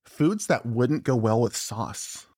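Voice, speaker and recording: Teasing podcast guy, bouncy pitch, dry mic sound. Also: takes it slowly, breathy edge, dry recording. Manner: playful, teasing, lively. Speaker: podcast co-host. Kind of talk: casual chat.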